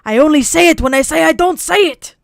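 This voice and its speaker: A woman putting on the voice of an old male vampire count, with slow, drawn-out, grandly accented delivery. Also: fairly high pitch, animated, clean tone, no room sound, studio quality, close to an everyday voice.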